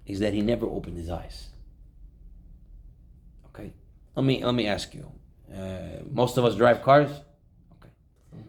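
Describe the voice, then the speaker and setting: A man teaching an informal Torah class, telling stories and acting out the quotes. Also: medium pitch. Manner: animated storyteller, acts out quotes. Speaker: rabbi.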